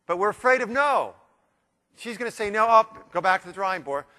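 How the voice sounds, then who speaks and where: An American man delivers a motivational keynote to a live crowd. He jokes with the audience and talks straight to them. His voice sits high and rings bright. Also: lively intonation, a little fast. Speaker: motivational speaker.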